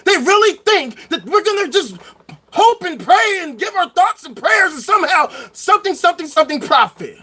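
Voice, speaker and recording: A man hosting his own show, ranting loudly and angrily with heavy profanity and frequent shouting. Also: very high voice, big pitch swings, moderate pace. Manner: loud, angry, often shouting. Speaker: online show host. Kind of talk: profane impassioned rant.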